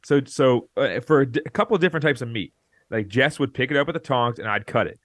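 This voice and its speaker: A man's voice: mid-range voice, fast talker, no room sound. Man telling a rambling story, dry sound. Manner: rambling, animated, acts out quoted lines. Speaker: podcast co-host. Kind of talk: casual storytelling chat.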